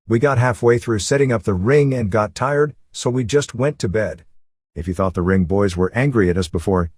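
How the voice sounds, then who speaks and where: Man, narrator, first-person memoir reading, husky, dry close sound. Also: lowish voice, no echo. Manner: steady, matter-of-fact storytelling.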